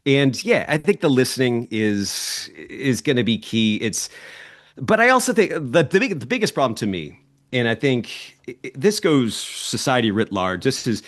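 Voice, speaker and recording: A man of ordinary pitch holds forth as a podcast guest. He talks in a passionate, rambling way, circling back and restarting his sentences as his point builds. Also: lively intonation, normal speed, a bit bright. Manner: rambling, impassioned, restarts often.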